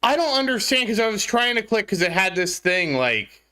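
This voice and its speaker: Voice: medium pitch, very animated, moderate pace, bright, forceful tone. A game streamer talking casually to live viewers, flustered, apologetic and laughing at their own mistake.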